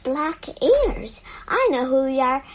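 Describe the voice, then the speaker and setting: A woman's voice: high-pitched, sing-song, takes it slowly, darkish tone, exaggerated voice. A woman voicing a grim, stern male store detective in a storybook reading. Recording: dull lo-fi, faint music behind.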